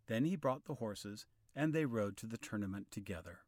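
A man narrating a storybook in a clear, expressive style. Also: on the low side, normal speed, hardly any pauses, dry recording, studio quality.

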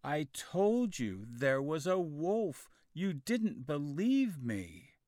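Shepherd boy pleading for help, pitched way up, man doing the voice, lively swings. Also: very slow, dry recording, studio quality, heavily acted. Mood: earnest. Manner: pleading high cries. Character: young shepherd boy, fibbing then frightened.

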